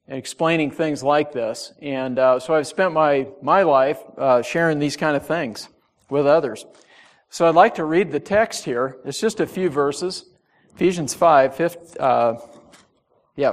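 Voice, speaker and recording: Higher-voiced man preaching. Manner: warm, conversational preaching, reads scripture aloud. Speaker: pastor. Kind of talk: sermon. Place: church.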